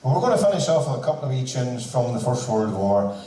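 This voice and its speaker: A man's voice: mid-range voice, very animated, quick pace, dark tone. A man telling a joking anecdote to a concert audience, acting out the other people's lines. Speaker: band member speaking at a concert. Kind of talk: storytelling speech to an audience. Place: large hall, speaking to a seated crowd. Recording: echoey hall from far off, faint noise.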